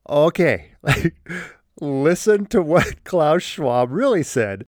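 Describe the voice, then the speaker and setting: A man with a slightly high voice draws out his words in a dry recording. He is hosting his own podcast, giving an emphatic, opinionated monologue into a close mic, animated throughout and laughing at his own jokes.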